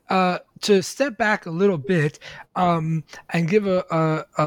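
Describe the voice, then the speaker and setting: A male interviewer with a slightly higher voice asks long, halting questions full of restarts. The recording is dry and close. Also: no room sound.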